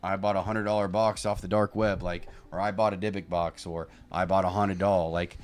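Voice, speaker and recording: Man, podcast co-host, blunt, sarcastic, lowish voice, casual talk. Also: level tone, brisk, smooth.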